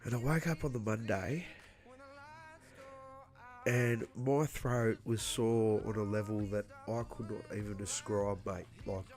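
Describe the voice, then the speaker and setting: A man's voice: fairly low pitch, steady tone, measured pace, a little mellow. A man hosting a casual livestream chat, swearing freely and calling everyone mate, still coughing after being ill. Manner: laid-back, swears a lot, matey. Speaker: livestream host.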